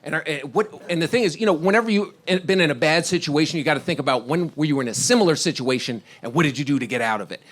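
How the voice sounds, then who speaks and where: Speaking quickly and barely pausing, this middle-aged comic from D.C. laughs at his own lines while meandering through tales in his stand-up routine. The voice sits a little high and sounds a bit bright.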